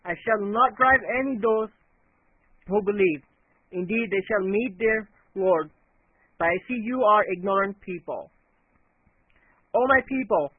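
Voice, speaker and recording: A man reading a scripture translation aloud in a measured way, stumbling and restarting on words now and then. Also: high-pitched, husky, no room sound. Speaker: reader of scripture. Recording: tinny phone-like dry recording.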